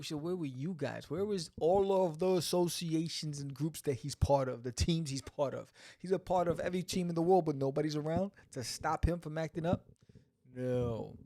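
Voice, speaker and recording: A man hosting a podcast, reviewing a comic in a casual, animated way full of joking asides. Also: on the high side, normal speed, dry recording, clean studio sound.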